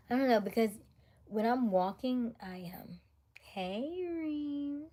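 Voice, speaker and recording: A woman's voice: medium pitch, takes it slowly, a little mellow. A woman hosting a livestream, chatting casually with viewers and reading their comments aloud, often laughing and dropping to near-whispers. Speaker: livestream host.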